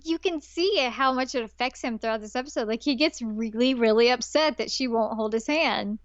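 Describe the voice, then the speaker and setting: On a podcast she co-hosts, a woman recaps an anime episode in casual chat, animatedly acting out the characters' lines and laughing along. Her voice sits on the high side and moves a little fast. The lo-fi recording has no room sound.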